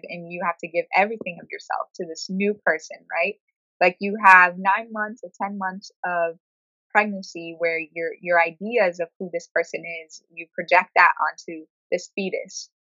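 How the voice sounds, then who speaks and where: A woman speaking frankly in a conversational interview, telling her story with animated quoted asides. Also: fairly low pitch, no room sound, muffled recording. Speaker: guest sharing her experience.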